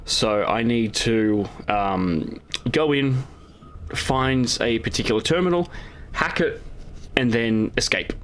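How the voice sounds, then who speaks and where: A man's voice: medium pitch, slow, fairly bright tone, a little hiss or hum. A man hosting his own gaming channel, casually talking over recorded gameplay in a rambling way with lots of fillers and restarts.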